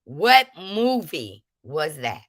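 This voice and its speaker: List: woman, livestream quiz host, casual chat, lively swooping pitch, bright voice. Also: dry recording, studio quality. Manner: animated, laughing, drawn-out speech.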